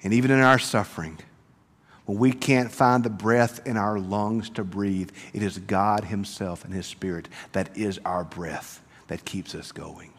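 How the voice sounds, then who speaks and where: Pastor preaching in a reverberant hall. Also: male voice, on the low side, steady tone, measured pace, a little hiss or hum. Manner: swings from hushed, tender lines to loud, rising preaching. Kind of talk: sermon.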